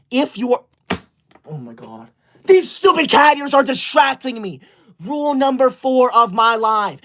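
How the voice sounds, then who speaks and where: This man's voice is very high and fairly bright. He's acting as a livestreamer in a comedy skit, a smug, bossy young teacher's pet who self-righteously and indignantly tells off his viewers.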